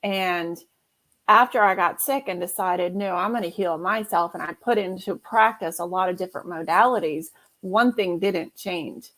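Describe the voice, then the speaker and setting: A woman's voice: lowish voice, moderate pace, a bit bright. A woman guest, an herbalist, chatting casually and acting out the people in her stories. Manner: storytelling, acts out quotes. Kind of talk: casual chat.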